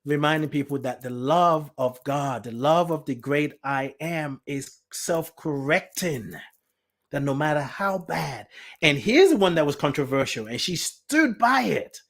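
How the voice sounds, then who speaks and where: A man's voice: fairly high pitch, expressive, a little slow, fairly bright tone. Emotional man hosting a spiritual talk show. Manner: heartfelt, emotional, repeats himself; reads out listener comments. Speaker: podcast host.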